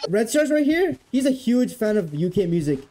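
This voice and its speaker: A young man from Toronto streaming a video game in casual chat with friends, excitable and often shouting. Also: high voice, normal speed, a little hiss or hum. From Toronto, Canada. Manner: excitable, loud yelling during gameplay.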